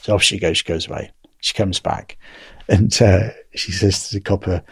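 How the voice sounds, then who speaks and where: A man's voice: low voice, moderate pace, creaky, husky, no echo. An English man telling a story in casual conversation, acting out the dialogue as he goes. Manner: animated, acts out quoted dialogue.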